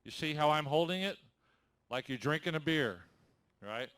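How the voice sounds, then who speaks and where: A man's voice: on the high side, animated, fairly bright tone, clear, resonant tone, no room sound. A man acting as announcer, giving the drivers loose, teasing instructions. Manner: folksy, teasing, drawn-out delivery. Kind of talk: loose, joking emcee instructions.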